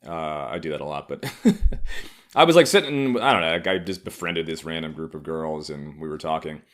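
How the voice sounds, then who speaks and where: A man's voice: rumbling low, animated, normal speed, fairly bright tone. A man in his thirties from Harlem, hosting a solo comedy podcast with sardonic, profane riffing. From Harlem, New York. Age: 30s. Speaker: podcast host.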